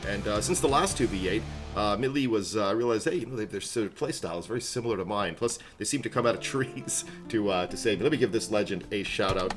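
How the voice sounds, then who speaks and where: Upbeat rambling streamer guy, lively pitch. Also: fast. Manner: rambling, upbeat, laughs often. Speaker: game streamer. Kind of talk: casual live-stream chat. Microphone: headset. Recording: background music playing loudly. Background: music.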